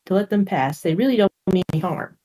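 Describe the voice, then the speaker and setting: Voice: mid-range voice, animated, fast talker, mellow, close to an everyday voice. A reader voicing an earnest teenage girl who pleads with her family and reassures them. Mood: pleading. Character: teen girl heroine, earnest and protective. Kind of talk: amateur audio drama reading.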